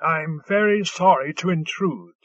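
Man doing a polite, faintly insincere ship mind, slow, dull audio. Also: on the high side, no room sound. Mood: reasonable. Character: dry, polite ship intelligence. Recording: dull lo-fi recording.

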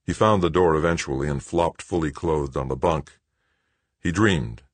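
A man narrating an audiobook in a steady, even storytelling manner. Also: a bass voice, normal speed, dry recording. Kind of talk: scripted narration.

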